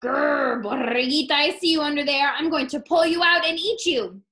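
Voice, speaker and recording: A woman teacher voicing a hungry, gruff male coyote who growls and threatens, reading a picture book aloud. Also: high voice, moderate pace, sharp tone, roomy sound, voice pushed up. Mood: growling.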